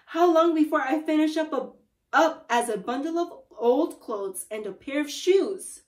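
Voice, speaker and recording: A high, shrill old wife crying out in panic, as a woman reading a storybook aloud puts her on. She pleads, sounding frantic and scared, and her voice goes up. The reading moves at an unhurried pace. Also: animated, roomy sound. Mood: panicked pleading.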